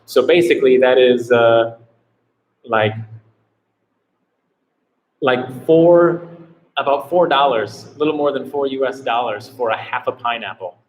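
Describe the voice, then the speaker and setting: A man's voice: mid-range voice, measured pace, long pauses, rough recording. A man hosting a casual live travel Q&A, rambling and filling his talk with "like". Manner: rambling, heavy on "like" fillers. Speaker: travel vlogger host.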